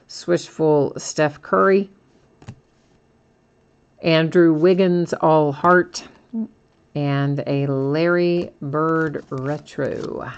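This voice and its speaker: Host, female, low-pitched, casual stream talk, rattles off card names, chats with viewers. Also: smooth. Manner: casual, reads card names in a steady list, answers viewers by name. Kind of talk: live stream card opening with chat replies.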